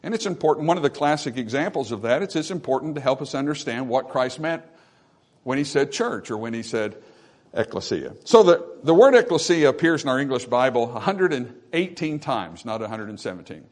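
Fairly quick and animated, a mid-range male voice preaches a sermon, hammering phrases again and again for emphasis. The pastor calls "amen" out to the congregation from the pulpit.

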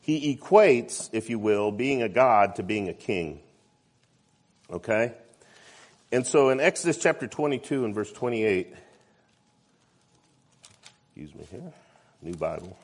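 A man preaching a sermon in a church, often asking "amen?" and climbing to loud, fervent peaks. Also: on the low side, very animated, measured pace, pauses often.

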